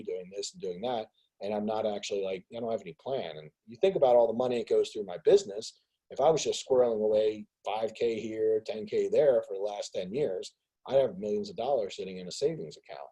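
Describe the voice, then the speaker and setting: A man hosting a business group call on a video call, talking casually in an animated rant. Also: fairly low pitch, fairly quick, breathy edge, poor audio. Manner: animated ranting, acts out others' voices. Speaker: host of a business mastermind call.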